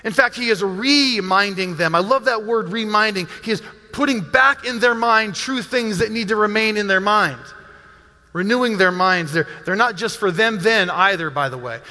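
A man's voice: high-pitched, normal speed, bright, forceful tone, long reverb tail. A man preaching a sermon as pastor, speaking earnestly and pastorally, often repeating a word as he starts a phrase. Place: church sanctuary.

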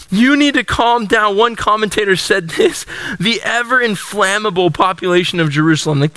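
A young adult man preaching a sermon, telling the story in an animated, dramatic way and acting out the voices of the people in it. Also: sits high, clear, resonant tone, dry recording, rough recording. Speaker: pastor.

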